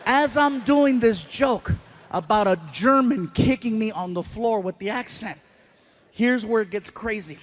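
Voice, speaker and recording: High-voiced stand-up comedian, animated. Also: male voice, slight background noise. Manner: animated, self-deprecating, quick asides. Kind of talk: stand-up storytelling.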